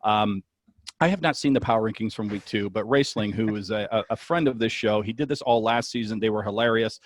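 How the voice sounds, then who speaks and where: A man's voice: lowish voice, a little fast, no echo. Wry self-deprecating man co-host. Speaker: podcast co-host. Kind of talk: casual sports podcast chat.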